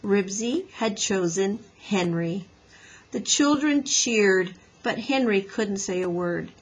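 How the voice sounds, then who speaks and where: A woman teacher reading a children's book aloud in a lively storybook manner, slightly raspy. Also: medium pitch, takes it slowly, low-quality recording.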